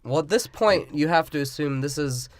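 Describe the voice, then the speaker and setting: A man's voice: on the high side, lively intonation, normal speed, dry recording. A young man co-hosting a crude comedy movie review podcast, joking and profane. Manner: joking, profane, laughs along. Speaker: podcast co-host.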